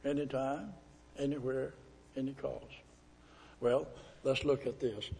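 A man preaching a sermon as pastor, pleading and emphatic, drawing out scripture verses slowly. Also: medium pitch, steady tone, a little mellow, a little hiss or hum. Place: church sanctuary. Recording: echoey hall with long reverb.

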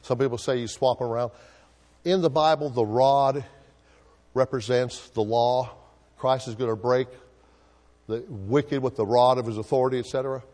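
Man, pastor, sermon, call-and-response preaching, mid-pitched voice, long hall reverb. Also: a little mellow. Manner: call-and-response preaching, asking the congregation to answer.

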